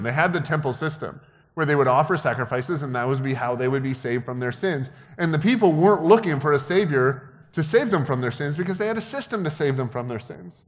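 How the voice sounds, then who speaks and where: Man preaching in an echoing hall. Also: a little high. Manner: conversational, joking asides, builds to emphatic peaks. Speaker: pastor. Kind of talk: sermon. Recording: long hall reverb.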